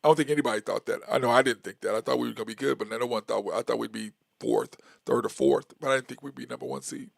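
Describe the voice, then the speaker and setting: A man with a gravelly, fry-tinged voice talks his way through a sports opinion monologue as the show's host. He rambles, restarts and counts stats aloud in a loose, casual way. The sound is dry and close, with no room around it. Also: medium pitch, steady tone, quick pace, few pauses, no echo. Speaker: sports talk show host.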